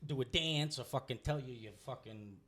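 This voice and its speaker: A young man, a guest comedian telling a loose, profane story while high. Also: normal speed, a bit bright. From Louisiana. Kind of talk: casual storytelling.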